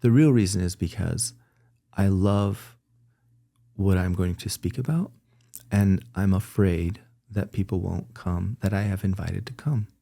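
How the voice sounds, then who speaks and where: A deep, dark-toned voice with vocal fry marks this guest, who speaks a little slowly in an interview. He opens up candidly and reflectively, earnest in manner, frequently correcting himself and restarting sentences with small laughs.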